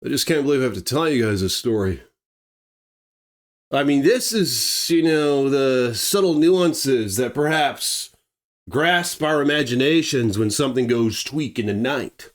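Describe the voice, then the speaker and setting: A man's voice: medium pitch, animated, a little slow. A man telling a true wildlife attack story in a blunt, emphatic, conversational way. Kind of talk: dramatic true-story narration.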